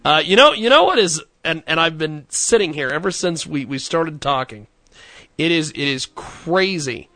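A man hosts a loose studio chat, his voice pitched a touch high with a gravelly edge and a bright, forceful tone. He rambles and stammers through repeated words. The sound is close and dry. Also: animated, normal speed, dry recording. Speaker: radio show host.

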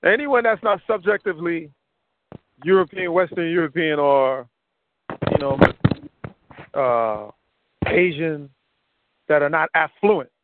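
A man's voice: fairly high pitch, slow pace, pauses often, background noise. A man talking casually on a call, rambling and piling up examples, a bit winded. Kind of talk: casual conversation. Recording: tinny phone line.

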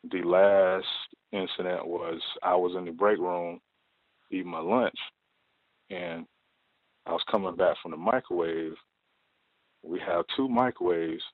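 A man's voice: sits low, no room sound. A man calling in to a talk show, telling a workplace story in a loose, rambling way with many fillers. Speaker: caller. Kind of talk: casual call-in storytelling. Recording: tinny phone line.

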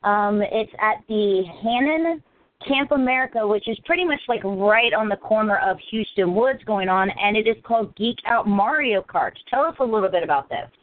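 A woman's voice: medium pitch, animated, normal speed, no echo. Chatty woman podcast host, tinny sound. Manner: chatty, self-joking. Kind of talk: casual interview chat. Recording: tinny, phone-like dry audio.

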